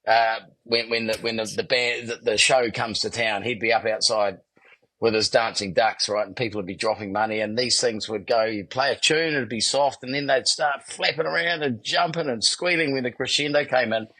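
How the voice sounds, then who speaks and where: A man's voice: medium pitch, fairly even intonation, normal speed, sharp tone, no echo, rough recording. A middle-aged man, a podcast host telling cheeky stories with a laugh over a video call. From New Zealand. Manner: cheeky, laughing, rambling storyteller. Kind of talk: casual podcast chat.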